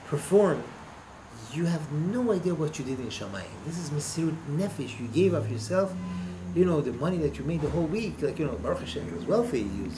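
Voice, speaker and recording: A man's voice: a little high, noisy background, close to an everyday voice. A man telling of a kindly old rabbi. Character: kindly older male rabbi.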